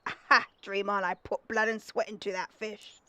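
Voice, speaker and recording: A gruff old fisherman who haggles over his catch, as a woman puts him on, his put-on accent drifting from one line to the next. The voice is dry and close, with no room sound around it. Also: mid-range voice, little pitch movement, moderate pace, bright, forceful tone, no room sound. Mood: haggling. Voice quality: put-on accent that keeps shifting.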